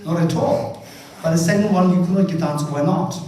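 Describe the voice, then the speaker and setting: A man's voice: on the high side, fairly quick, dark tone. A man leading a Buddhist retreat session, teaching with live exercises, playfully quizzing his audience and laughing often. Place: large echoing monastery hall. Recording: echoey hall from far off with faint noise.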